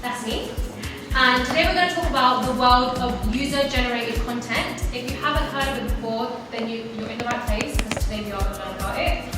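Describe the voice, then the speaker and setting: A woman's voice: a little high, brisk. A woman speaking upbeat and chatty to an audience, telling her own story. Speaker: speaker at a networking event. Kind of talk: personal talk to an audience. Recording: echoey hall, speaker far off, loud music.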